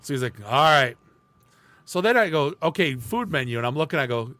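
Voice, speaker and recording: A man from the Detroit area spins a long story in a lively, profane way as he co-hosts a casual podcast. His voice sits fairly high for a man, and it is recorded dry and close with no room sound. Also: a little fast, dry recording. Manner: animated storyteller who swears freely. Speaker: podcast co-host.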